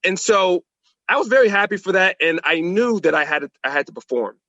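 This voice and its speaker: A man as a podcast guest, telling anecdotes in an animated way and acting out the quotes. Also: high-pitched, fairly quick, dry recording, highs cut off. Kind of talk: storytelling in a podcast conversation.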